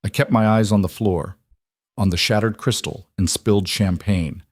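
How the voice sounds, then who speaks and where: A man narrating a romance audiobook in a measured, dramatic manner. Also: fairly low pitch, a little mellow, no room sound, clean studio sound.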